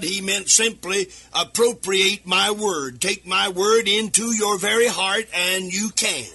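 Male radio preacher, high-pitched and husky, fervent delivery swinging into shouts and sing-song. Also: measured pace, few pauses. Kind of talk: sermon. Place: radio broadcast. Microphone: speaking into a microphone.

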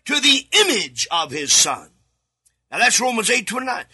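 A man preaching a sermon alone in a studio, reading scripture aloud and repeating key words, sometimes breaking into shouts. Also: extremely high pitch, sing-song, normal speed, slightly rough. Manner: reads scripture aloud with verse references.

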